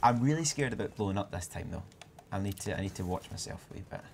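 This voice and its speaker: A man's voice: lowish voice, animated, fast, creaky, a little mellow, slight background noise. A man with a Scottish accent hosting a game livestream, chatting casually and narrating what he does as he plays. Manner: upbeat, chatty, narrates his moves as he plays. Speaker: livestream host. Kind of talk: casual gameplay chat.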